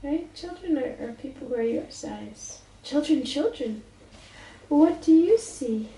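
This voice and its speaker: A woman's voice: sits high, expressive, unhurried, dark tone. A woman reading a picture book aloud to a small child at home in a playful sing-song way, making animal noises. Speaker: parent reading to a toddler. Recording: roomy home recording from a distance.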